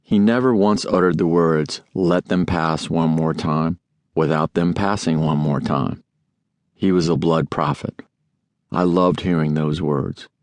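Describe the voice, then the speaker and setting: A man reading a memoir aloud as an audiobook narrator, in a measured, deliberate way. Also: low voice, no echo.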